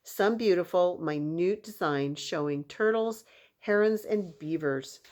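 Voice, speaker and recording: Expressive children's book reader, woman, lower-pitched voice. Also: a little slow. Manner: expressive storytelling. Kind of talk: reading a children's novel aloud.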